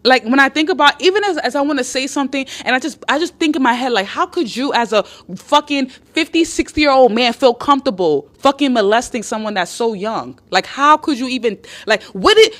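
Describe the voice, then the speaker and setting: A woman's voice: sits high, lively intonation, fairly quick, hardly any pauses, a bit bright. Woman live-streamer, chatty and blunt, swears freely, repeats herself for emphasis. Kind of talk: live-stream chat reading viewer comments.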